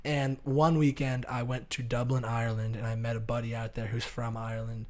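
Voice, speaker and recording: A man's voice: medium pitch, fairly quick. A man in his twenties co-hosting a podcast, telling a story in casual chat and acting out the voices he quotes. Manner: animated, acts out quoted voices. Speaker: podcast co-host.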